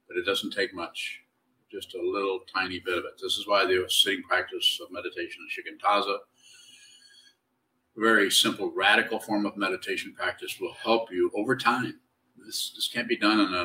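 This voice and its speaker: A man giving a slow, halting, reflective dharma talk as a Zen teacher, in a slightly whiny tone. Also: deep voice, sharp tone, a little hiss or hum. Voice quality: self-described whiny tone. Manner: slow, halting, reflective delivery with many restarts. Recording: distant mic.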